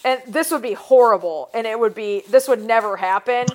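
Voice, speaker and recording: Young female co-host, loose rambling delivery, higher voice, casual chat. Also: moderate pace. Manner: rambling, many fillers and restarts. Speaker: podcast co-host.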